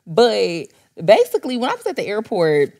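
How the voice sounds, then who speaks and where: A young adult woman, co-hosting a podcast and telling stories in a casual, animated way. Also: mid-range voice, normal speed, gravelly. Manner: animated storyteller, acts out voices in quotes. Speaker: podcast co-host. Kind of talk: casual chat, storytelling.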